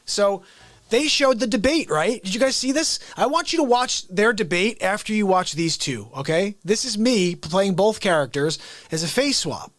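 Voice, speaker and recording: A man hosting an unscripted live comedy stream, talking in an excitable, rambling way and often cutting himself off mid-sentence. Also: sits high, moderate pace, dry recording, studio quality. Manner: excitable, rambling, self-interrupting. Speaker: livestream comedy host.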